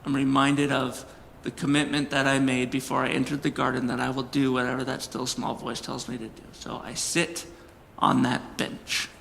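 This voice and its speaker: A man preaching a sermon as a personal story, earnest and animated, with emphatic peaks. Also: medium pitch, normal speed, vocal fry, hardly any pauses, big-room sound, a little hiss or hum. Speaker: pastor.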